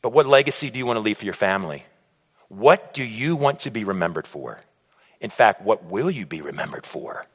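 A man's voice: fairly low pitch, fairly quick, breathy edge, in a large hall. A man preaching to a men's group, telling stories and acting out other people's voices. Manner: animated, acts out the voices of others in his stories. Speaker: pastor speaking to a men's group. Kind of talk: sermon with personal storytelling.

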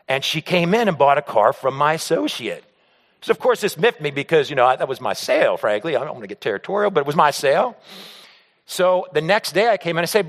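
Male pastor, lively storytelling sermon, slightly high voice, reverberant hall. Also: brisk. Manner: animated, acts out the voices of others in his stories. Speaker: pastor speaking to a men's group.

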